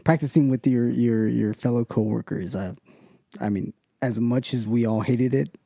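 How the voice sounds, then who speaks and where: A man who is a guest on a podcast, chatting in a relaxed way and laughing easily. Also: mid-range voice, moderate pace, vocal fry, no room sound. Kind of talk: casual podcast chat.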